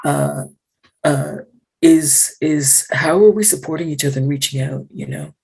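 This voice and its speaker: A woman speaking in a casual panel discussion, frank and animated, with lots of fillers, over a video call. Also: low voice, a little slow, vocal fry, breathy edge. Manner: animated, frank, full of fillers and acted-out quotes.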